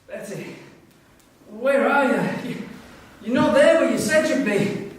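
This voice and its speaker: A man's voice: extremely high pitch, lively intonation, slow, heavily acted. Anxious man searching, played by an actor, very roomy, faint background noise. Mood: desperate. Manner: anxious calling. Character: desperate man searching for his loved one. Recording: echoey, distant mic, faint noise.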